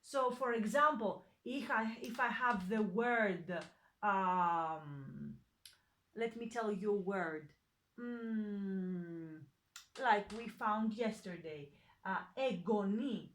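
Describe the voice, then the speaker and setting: Slow, patient woman teaching a lesson. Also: mid-range voice, fairly bright tone. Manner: patient, many fillers and self-corrections. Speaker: language teacher. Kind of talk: slow, hesitant online lesson explanation.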